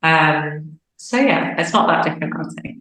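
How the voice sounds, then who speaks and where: A woman's voice: low voice, moderate pace. A young woman, an opera singer, chatting casually in an interview and acting out bits of dialogue. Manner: chatty, animated, acts out little quoted bits of dialogue. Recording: echoey room.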